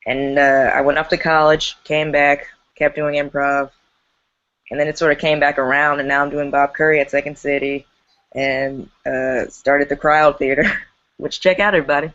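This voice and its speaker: A woman's voice: low voice, level tone, normal speed, fairly bright tone, highs cut off. A woman who runs an improv theater, chatting casually and laughing on a video call.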